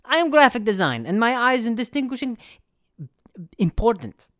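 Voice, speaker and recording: A man's voice: very high-pitched, sing-song, moderate pace, fairly bright tone, dry recording, studio quality, pitched above the performer's own voice, exaggerated voice. A man voicing his girlfriend's older immigrant dad, speaking in clipped, broken phrases. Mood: mocking.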